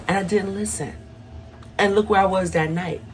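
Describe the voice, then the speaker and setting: A woman's voice: mid-range voice, steady tone, moderate pace, slight background noise. A young adult woman telling a personal story to her viewers in a casual, chatty way, often calling them y'all. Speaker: vlogger.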